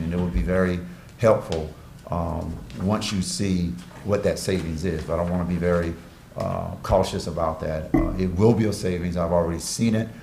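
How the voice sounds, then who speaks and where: Deep gravelly man with many fillers. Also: a little mellow. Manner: measured, hesitant, many uh and um fillers. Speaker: city manager. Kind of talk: budget presentation at a city meeting. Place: city commission chamber. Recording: echoey council chamber, faint noise.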